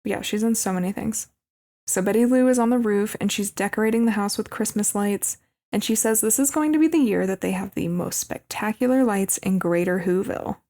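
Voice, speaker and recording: Woman cohost going through a movie plot, mid pitch, creaky fry, laid back. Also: a little fast. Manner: relaxed, narrates plot with asides. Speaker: podcast co-host. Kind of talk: casual podcast movie recap.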